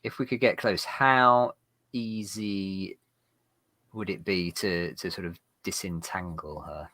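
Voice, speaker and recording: A man's voice: low voice, steady tone, slow, bright, forceful tone, no room sound. A man playing a tabletop game, asking the game master questions and answering briefly. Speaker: player. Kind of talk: casual tabletop play.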